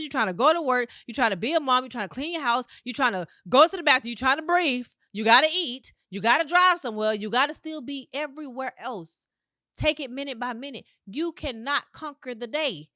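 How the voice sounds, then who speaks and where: A woman's voice: high-pitched, pushed and bright, dry recording, studio quality. A woman hosting a podcast in a motivational monologue, with emphatic, repetitive, slangy delivery. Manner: casual slangy phrasing. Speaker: podcast host.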